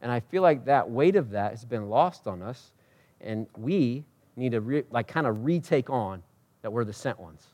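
A pastor delivering a sermon, rising to loud emphatic peaks and dropping to quiet, personal asides, talking conversationally and asking the congregation questions. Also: male voice, lively intonation, normal speed. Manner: swings from loud preaching peaks to quiet intimate lows; conversational, self-correcting, asks the crowd.

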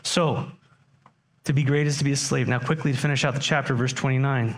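A man's voice: medium pitch, fairly even intonation, brisk. A man preaching a sermon as pastor, talking conversationally and putting questions to his congregation.

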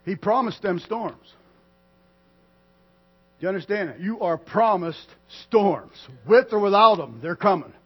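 High-voiced preaching man, muffled recording. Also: expressive, a little slow, long pauses, slightly rough. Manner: dramatic swings between loud declarations and quiet asides. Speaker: pastor. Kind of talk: sermon.

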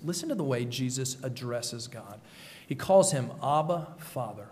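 A man's voice: mid-range voice, in a large hall, a little hiss or hum. A man delivering an earnest sermon as a pastor, repeating key phrases for emphasis.

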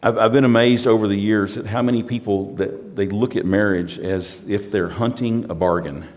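A man's voice: fairly low pitch, fairly even intonation, moderate pace, a little mellow, in a large hall. A pastor from the United States preaching a sermon in a conversational, storytelling way, often repeating words as he restarts.

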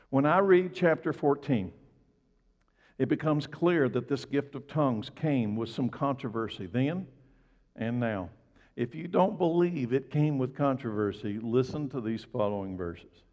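A male pastor giving a conversational sermon, telling stories and rising and falling sharply as he preaches. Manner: conversational, storytelling preacher with big swings in pitch and loudness. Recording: dull recording with long hall reverb.

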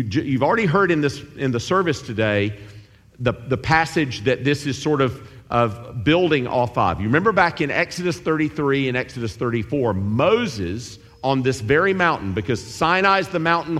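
A man preaching a sermon, animated and acting out the voices of biblical figures. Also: medium pitch. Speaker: pastor. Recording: long hall reverb.

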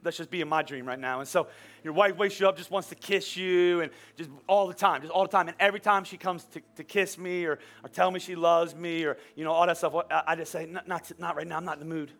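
A man in his forties preaching a sermon as a pastor, animated and storytelling with playful humor. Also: fairly high pitch, fairly quick. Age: 40s. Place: church. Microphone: wearing a microphone.

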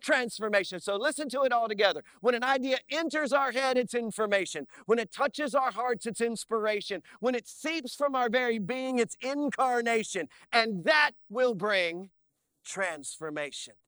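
A male pastor preaching an energetic sermon in a church, with playful asides and slow, drawn-out emphasis on key words. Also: extremely high pitch, smooth, no echo. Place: church sanctuary.

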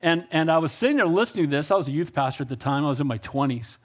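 Man, pastor, sermon, high voice, emphatic, storytelling, calls for amens. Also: animated, very fast.

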